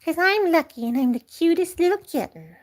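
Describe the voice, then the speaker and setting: A woman's voice: very high-pitched, expressive, brisk, pitched above the performer's own voice. A woman voicing a tiny, boastful, greedy male kitten with a giggly, sing-song manner. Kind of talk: playful pet voice for a vlog.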